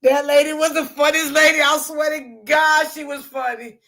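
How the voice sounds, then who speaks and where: Loud high-voiced woman livestream host. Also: little pitch movement, normal speed. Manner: loud, laughing, profane, talks to chat. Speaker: commentary channel host. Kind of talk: casual livestream commentary.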